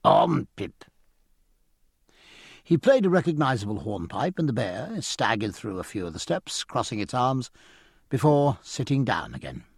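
A man narrating a story in a measured storytelling manner. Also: medium pitch, big pitch swings, slightly rough, no echo, clean studio sound. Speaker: audiobook narrator. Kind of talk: scripted narration.

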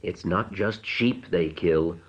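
A man's voice: low-pitched, slow pace, slightly rough, highs cut off, exaggerated voice. A man voicing a timid old village priest who speaks hesitantly. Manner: hesitant, tentative speech.

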